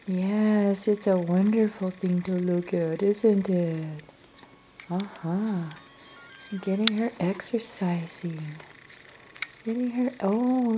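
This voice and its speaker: An older woman, a grandmother, cooing baby talk to her newborn granddaughter in a gentle, sing-song way, repeating herself and often dropping to a hush, recorded at home on a handheld camera. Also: mid-range voice, slight background noise. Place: living room at home.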